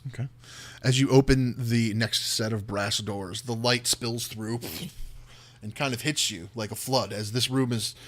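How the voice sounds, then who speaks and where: A man's voice: medium pitch, fairly even intonation, measured pace, fairly bright tone. Man narrating as dungeon master. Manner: vivid descriptive narration with frequent fillers. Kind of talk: narrating a tabletop game.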